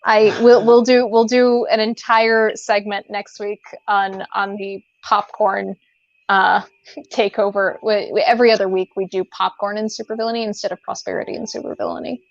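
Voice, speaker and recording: A woman chats casually as a podcast co-host, rambling and circling back with fillers and false starts. Her voice sits at a middle pitch. The recording is dry and a little dull, like a lo-fi home setup. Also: little pitch movement, moderate pace, vocal fry, dry recording. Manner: rambling, many fillers and restarts. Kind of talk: casual chat. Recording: dull lo-fi sound.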